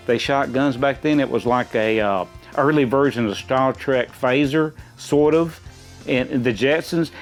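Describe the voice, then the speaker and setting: Middle-aged dad, folksy and rambling, casual chat with faint music underneath. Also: male voice, medium pitch. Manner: rambling and folksy, many restarts. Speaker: quiz contestant.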